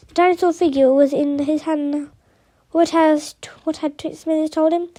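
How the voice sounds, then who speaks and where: Woman reading a novel aloud, high pitch, mellow tone, stumbling, restarts words. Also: steady tone, normal speed. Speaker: reader of an audiobook.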